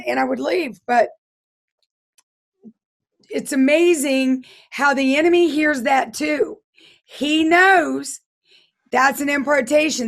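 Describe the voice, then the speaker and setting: A hoarse middle-aged woman, a guest telling her life story in an interview in an earnest, halting way with frequent restarts. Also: high voice. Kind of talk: personal testimony interview.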